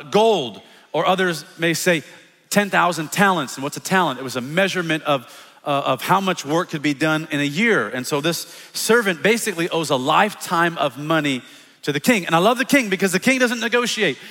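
A male pastor preaching an energetic, animated sermon, acting out quotes as he goes. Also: high-pitched. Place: church sanctuary. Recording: long church reverb.

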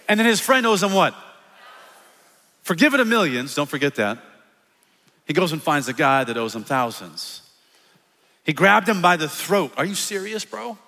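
A male pastor preaching an energetic, animated sermon, acting out quotes as he goes. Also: high voice. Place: church sanctuary. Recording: long church reverb.

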